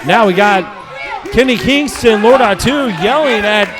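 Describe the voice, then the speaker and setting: A man calling a live wrestling match play-by-play, excitable and often shouting as he gets worked up. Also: sits high, a little slow. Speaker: wrestling commentator. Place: live wrestling show venue. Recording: loud crowd and music behind.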